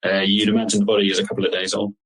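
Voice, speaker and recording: A man's voice: on the low side, little pitch movement, racing, a bit bright, breathy edge, poor audio. A man narrating as the game master of an improvised tabletop game, loose and casual, swearing freely.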